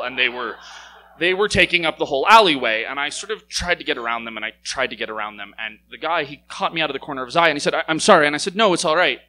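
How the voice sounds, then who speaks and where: A young American man telling a personal story at a live story slam, lively and wry, his voice climbing as the tale builds. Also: mid-range voice, slight background noise, rough recording. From United States. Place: stage in a small venue.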